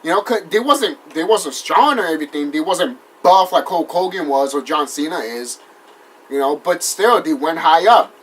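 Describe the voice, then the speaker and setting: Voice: medium pitch, animated, normal speed, slight background noise. A wrestling vlogger ranting in casual talk, heated and profane, rambling with restarts and apologizing after outbursts. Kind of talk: casual vlog rant.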